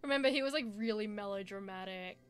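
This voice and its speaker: A woman's voice: medium pitch, fast talker, smooth, faint music behind. A woman chatting casually while playing a game with a friend, giggling and reading the game's lines aloud in playful voices. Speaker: let's play co-host. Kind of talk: casual gameplay chat, reading dialogue aloud.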